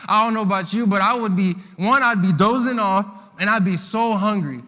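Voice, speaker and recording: A high, bright male voice rolls through a reverberant hall. He preaches in a loose, slangy storytelling style, jumping into voices for the characters with a lot of energy. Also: brisk. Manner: animated, slangy, acts out voices of the disciples. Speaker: youth preacher. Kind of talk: lively storytelling sermon.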